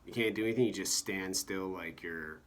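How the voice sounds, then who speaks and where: Low-voiced man musing in halting rambles. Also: fairly bright tone, a little hiss or hum. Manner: meandering, halting, full of "you know" and "like". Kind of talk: rambling monologue about comedy.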